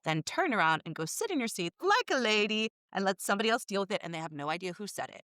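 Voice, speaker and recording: A woman chatting on a panel about air travel, animated and quick to mimic sounds. Her voice sits in a middle pitch. The recording is dry and close. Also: dry recording. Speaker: flight attendant panelist. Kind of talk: casual panel chat.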